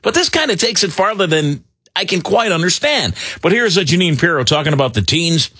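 A middle-aged man hosting talk radio, rambling and animated with lots of fillers. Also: high-pitched, brisk, husky, no room sound, studio quality. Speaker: radio talk show host. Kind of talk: casual talk radio banter.

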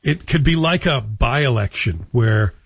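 A male morning radio host with a slightly husky voice talks in a loose, conversational way, offering opinions and asking his guest questions. The sound is dry and close, with a somewhat dull, muffled broadcast quality. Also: mid-range voice, expressive, a little slow, no echo. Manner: conversational, opinionated, chuckles between points. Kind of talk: casual talk radio chat. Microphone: studio microphone.

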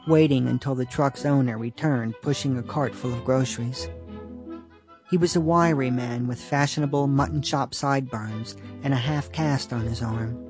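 A man's voice: mid-range voice, a little mellow. A man reading his own humorous personal essay aloud with a dry, understated delivery.

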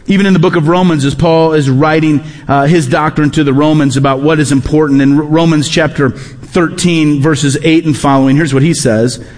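A man's voice: on the high side, fairly even intonation, moderate pace, darkish tone, long reverb tail. A man preaching a sermon, emphatic and repeating his key phrases. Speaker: pastor.

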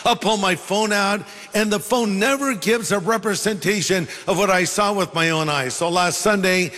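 Male pastor, sermon, conversational, joking asides, high voice, bright tone. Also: moderate pace, in a large hall. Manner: conversational, storytelling, humorous asides.

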